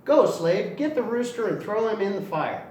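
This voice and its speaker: A greedy, hot-tempered storybook sultan, played by a man snaps out commands in a high voice that rises and falls a lot. The mic sits far off in an echoey room. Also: animated, normal speed, darkish tone. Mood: commanding. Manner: bossy barked commands. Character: big fat male sultan, greedy and angry. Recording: roomy echo, distant mic, faint noise.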